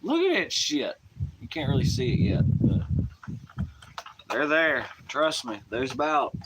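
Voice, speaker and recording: A man's voice: on the high side, huge pitch swings, a little slow, very noisy. A man with a Southern US accent chatting casually on a live stream, rowdy and profane, rambling in folksy slang.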